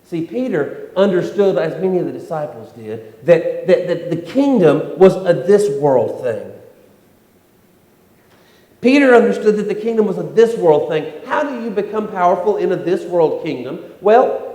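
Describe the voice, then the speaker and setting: A man's voice: sits high, big pitch swings, moderate pace, mellow. A man preaching a sermon in a church hall, talking in a conversational way and repeating his key points. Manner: conversational preaching with repetitions and acted-out quotes. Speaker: pastor. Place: church sanctuary.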